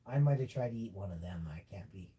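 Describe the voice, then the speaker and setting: A man's voice: lively intonation, fast, mellow. A man chatting casually on a livestream, rambling and joking with lots of fillers. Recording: distant mic with faint rumble.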